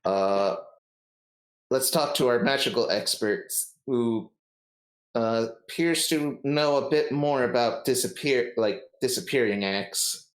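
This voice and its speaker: A man's voice: mid-range voice, slow pace, reverberant, rough recording. A man running a tabletop game as game master, hesitant, with many ums and uhs. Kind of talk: narrating a tabletop game, casual.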